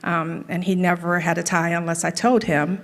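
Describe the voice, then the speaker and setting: Low-voiced woman telling dry, funny stories. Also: flat delivery, moderate pace. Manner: storytelling with dry running jokes. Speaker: colleague giving a tribute speech. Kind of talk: humorous tribute speech. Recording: reverberant hall.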